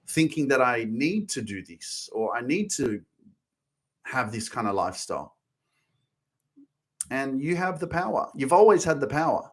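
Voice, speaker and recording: A man's voice: mid-range voice, very animated, normal speed, pauses often. A man in his thirties hosting a motivational podcast, talking passionately and with emphasis, cursing freely and repeating phrases to drive points home. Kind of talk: motivational monologue.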